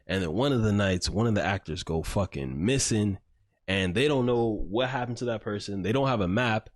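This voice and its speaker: A man hosts a podcast, telling a story in a loose, rambling way full of filler words and swearing. His voice is lowish and brisk, recorded clean in a studio with no room sound.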